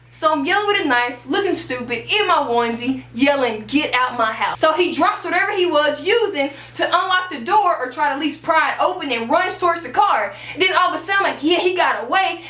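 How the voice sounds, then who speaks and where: A young woman from Texas tells a storytime for her channel, high and bright in tone. She jumps into the voices of everyone she quotes. The sound is echoey, with the mic set a little away from her. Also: brisk, few pauses, distant mic. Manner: animated, acts out the quoted voices. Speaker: YouTuber. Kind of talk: storytime vlog.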